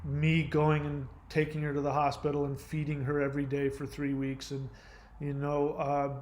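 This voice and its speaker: A man's voice: on the high side, completely flat delivery, normal speed, darkish tone, a little hiss or hum. A man hosting his channel, telling a long, emotional personal story in a rambling way with many fillers and restarts. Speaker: channel host.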